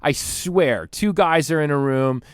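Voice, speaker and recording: A man hosting a podcast, delivering an excitable, rambling comedic rant and laughing often at his own tangents. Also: fairly high pitch, unhurried, clean tone, no room sound, clean studio sound. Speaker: podcast host.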